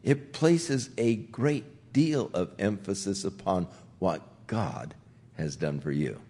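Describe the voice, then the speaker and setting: An older man, a pastor, teaching the Bible verse by verse in a gentle conversational way, softly voicing the quotes he tells. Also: deep voice, expressive, slow pace.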